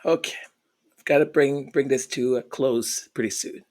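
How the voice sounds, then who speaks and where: A man's voice: mid-range voice, steady tone, normal speed, a little mellow. A man giving exasperated, mocking commentary as a vlogger, repeating his phrases for emphasis.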